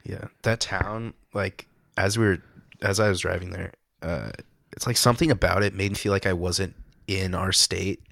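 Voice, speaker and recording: A young man co-hosting a podcast in casual chat, excitable and laughing often. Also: deep voice, moderate pace, gravelly, no room sound, clean studio sound. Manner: excitable, laughs often, says dude a lot. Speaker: podcast co-host.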